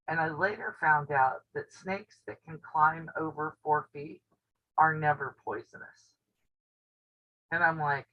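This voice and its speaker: Deep-voiced and steady, this woman with a drawl unhurriedly chats on a home live stream for her quilting channel. She's a storyteller who laughs a lot, and her audio comes through dull and lo-fi from the camera on the table.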